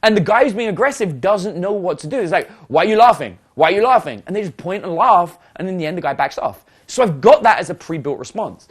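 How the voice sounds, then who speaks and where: A man teaching as a dating coach, telling a story in a chatty, animated way with lots of fillers. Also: high-pitched, fairly quick, few pauses. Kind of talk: casual storytelling lesson.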